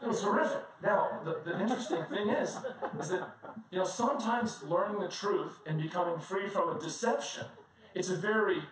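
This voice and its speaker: A man preaching a sermon as a pastor, telling personal stories in a conversational, animated way and often laughing as he talks. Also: sits high, moderate pace, a crowd in the background. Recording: very echoey room, distant mic, faint noise.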